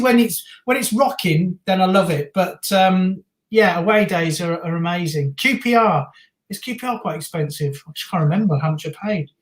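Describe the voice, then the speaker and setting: A man with a Birmingham accent chats casually through a football watch-along stream. He reads viewer messages and answers them as he goes. His voice carries a roomy echo. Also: sits high. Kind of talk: casual live-stream chat.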